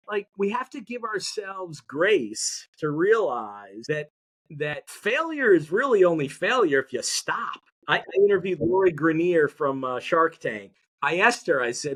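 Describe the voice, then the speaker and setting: Animated, upbeat motivational man. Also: a little high, a little slow. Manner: energetic, motivational, audience-engaging. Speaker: podcast guest, mindset educator. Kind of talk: conversational interview.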